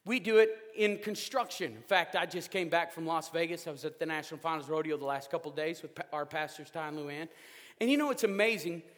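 Man, high bright voice, lively joking sermon style, echoing church hall. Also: fast talker. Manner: animated, joking, rising to loud outbursts. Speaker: preacher. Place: church sanctuary.

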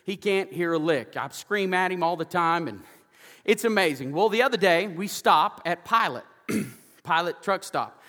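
A man preaching a sermon as pastor in a church, telling stories energetically and getting loud and animated. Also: high voice, unhurried, big-room sound. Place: church sanctuary.

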